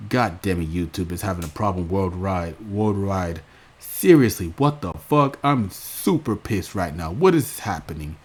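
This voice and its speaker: A man's voice: low-pitched, lively intonation, measured pace, breathy edge, full character voice. A man putting on a whiny, furious young woman ranting online, in a mocking, exaggerated tantrum voice.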